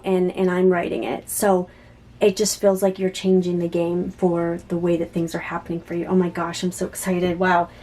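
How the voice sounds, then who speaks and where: A woman giving a spontaneous tarot reading to camera. She talks in an excited, halting way, with many restarts, and sometimes drops to soft murmurs. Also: lowish voice. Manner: drops to soft whispers while shuffling cards. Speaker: psychic tarot reader.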